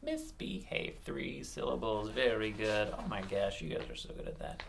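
A man teaching an online phonics lesson to young children, upbeat and encouraging, stretching words out slowly. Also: on the low side, level tone, a little hiss or hum. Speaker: early elementary teacher.

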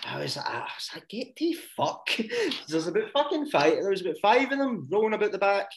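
A man's voice: sits high, very animated, a little fast, creaky, background noise. A man with a Scottish accent, telling rambling, sweary stories in casual podcast chat and breaking into laughs. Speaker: podcast co-host.

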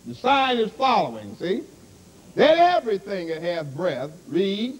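Lively high-voiced male preacher. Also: a little slow, rough recording. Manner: repeats "see?" and "you understand?" constantly. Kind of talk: sermon.

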